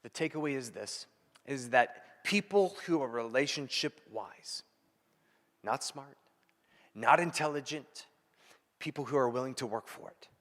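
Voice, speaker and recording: A man preaching a sermon as pastor, emphatic, repeating key phrases and dropping from loud to hushed. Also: medium pitch, unhurried, pauses often, in a large hall.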